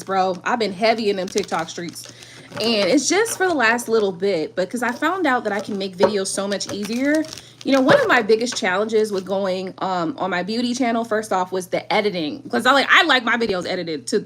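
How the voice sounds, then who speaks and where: A woman's voice: on the high side, background noise. A middle-aged woman reading tarot on a live stream, chatting casually in slang and laughing often.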